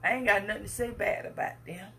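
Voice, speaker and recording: A woman's voice: medium pitch, fast, gravelly, fairly bright tone, a little hiss or hum. A woman, giving an impassioned speech with emphatic, repetitive phrasing. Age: 50s. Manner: emphatic, repetitive, preacher-like cadence. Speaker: speaker addressing the public.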